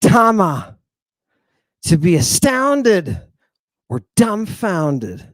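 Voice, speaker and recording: A man teaching an informal language lesson in a brash, teasing way, with quick asides to his students. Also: sits high, huge pitch swings, dry recording, studio quality.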